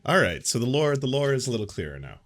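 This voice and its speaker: A man's voice: medium pitch, sing-song, quick pace. A man hosting a reaction show, commenting wryly on a clip and reading out chat. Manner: wry, reads chat aloud. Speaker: reaction channel host.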